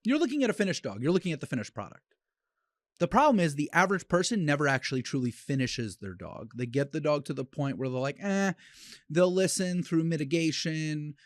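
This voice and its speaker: A man hosting a solo podcast as a dog trainer, talking bluntly and with conviction in quick bursts, with frequent restarts. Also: on the high side, lively intonation, dry recording, studio quality.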